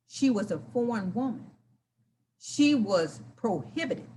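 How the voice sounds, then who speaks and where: A woman's voice: a little high, very animated, takes it slowly, pauses often. A woman reading a Bible story aloud and breaking off into emotional, exclaiming commentary and personal anecdotes.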